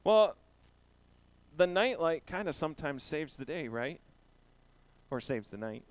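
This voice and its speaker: A man's voice: on the high side, sing-song, a little slow. A man giving a children's sermon, playful and asking the children questions as he talks. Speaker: pastor giving a children's message.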